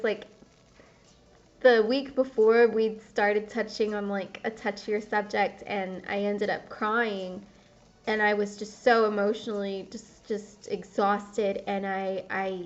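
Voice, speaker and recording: A young woman rambles through a confessional gaming vlog, swearing freely and repeatedly cutting herself off. Her voice is fairly high, and the audio is dull and lo-fi.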